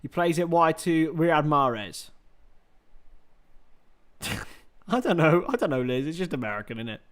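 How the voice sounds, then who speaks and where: A man calling a match on his own livestream, loose and chatty with plenty of self-mocking jokes. His voice sits a little on the high side for a man. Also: big pitch swings, measured pace, fairly bright tone. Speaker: livestream host. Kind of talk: casual watchalong commentary.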